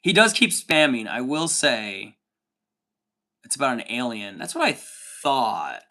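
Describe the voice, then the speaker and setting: A man's voice: mid-range voice, big pitch swings, unhurried, sharp tone. A man in his thirties hosting a livestream, chatting casually and swearing often while reading out chat comments. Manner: profane, rambling, says dude a lot.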